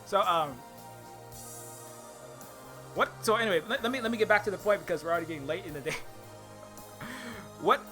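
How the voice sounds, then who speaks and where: A man's voice: high-pitched, expressive, normal speed, pauses often, sharp tone, soft background music. Sarcastic rambling male essayist. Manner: rambling, sarcastic, many fillers and restarts. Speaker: video essayist. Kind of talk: satirical commentary.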